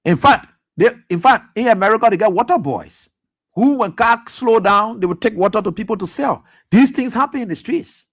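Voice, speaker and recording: A man's voice: sits high, animated, moderate pace. A man hosting a radio talk show, delivering impassioned, accusatory political commentary with repeated pointed questions. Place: radio studio.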